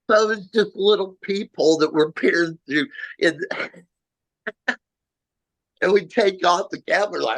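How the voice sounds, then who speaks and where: A middle-aged man recounts a strange outdoor encounter in first person. His voice sits a bit high for a man, and he takes his time, halting and restarting with a self-mocking edge. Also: gravelly, a bit bright, poor audio. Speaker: amateur Bigfoot researcher.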